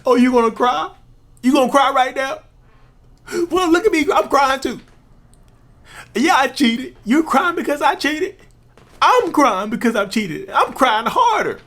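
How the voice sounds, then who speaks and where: A man putting on a sarcastic, whining cheat who turns on fake tears. The pitch rides well above his own and swings theatrically. Every line drips with mock self-pity. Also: very animated, a little slow, pauses often, fairly bright tone, exaggerated voice. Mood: mocking whine. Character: self-pitying cheating man, mock crying to guilt others.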